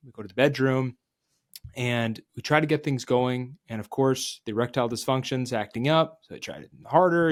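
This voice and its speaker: A man as a podcast guest, telling a candid, confessional story and dropping quiet and low at the emotional moments. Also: normal speed.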